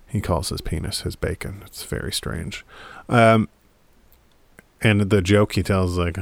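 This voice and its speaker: Deep-voiced guy rambling about old movies at home, dry sound, jokey and crude. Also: little pitch movement, measured pace, gravelly, no room sound. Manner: rambling, irreverent, laughs often, swears casually. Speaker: movie commentator. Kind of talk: casual movie chat to camera. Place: home room in front of a DVD rack.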